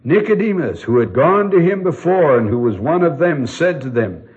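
A man preaching a sermon to his congregation in an earnest, expressive way, asking the listeners pointed questions. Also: on the high side, moderate pace, highs cut off. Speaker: pastor.

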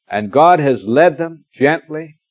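A middle-aged man preaching an expository sermon, reading scripture slowly and explaining it with gentle humor. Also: fairly high pitch, expressive, no room sound. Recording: dull lo-fi dry recording.

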